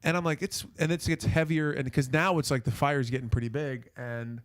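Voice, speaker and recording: A man's voice: a little high, steady tone, fairly quick. A man hosting a podcast, telling a long rambling anecdote with profanity and restarts. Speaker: podcast host. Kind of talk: casual storytelling on a podcast.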